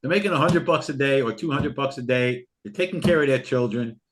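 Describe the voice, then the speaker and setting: An older man with a mid-pitched voice pushes a trading course hard. He repeats his points and talks from the heart, sounding both pushy and sincere. He is heard over a video call. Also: fairly quick, background noise. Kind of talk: live online class sales pitch.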